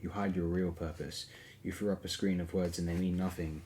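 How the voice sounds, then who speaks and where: Man voicing a tense captive warrior, deep voice. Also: flat delivery, brisk, background noise, natural voice. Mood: defiant. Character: captive male warrior-clone, tense and defiant.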